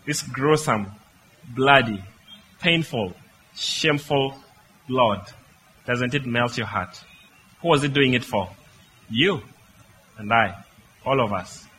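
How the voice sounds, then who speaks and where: A man's voice: mid-range voice, bright, forceful tone, slight background noise, poor audio. A man preaching a sermon, speaking emphatically and putting rhetorical questions to his listeners.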